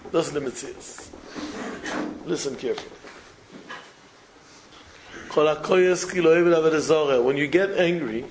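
Speaking in a voice on the high side, this rabbi tells a parable in his Torah talk, repeating phrases for emphasis and mixing in Hebrew and Yiddish words. The recording is rough, with a slight hiss or hum.

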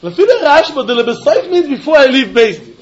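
A man with a very high voice teaches a Talmud lesson in a lively, sing-song way. His voice swoops up and down as he poses rhetorical questions and laughs between points. The recording sounds dull and lo-fi. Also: quick pace. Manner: sing-song, mixing English, Yiddish and Hebrew. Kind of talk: animated yeshiva-style Talmud lecture.

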